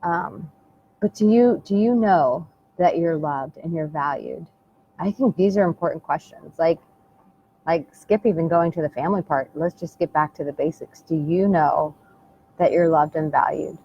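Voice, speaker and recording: A woman's voice: low-pitched, moderate pace, dark tone. An American woman coach speaking earnestly and intimately to the camera, repeating her phrases and calling the listener "my darling". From United States. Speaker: dating and relationship coach. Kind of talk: heartfelt motivational talk to camera. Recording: dull lo-fi sound with faint background hiss.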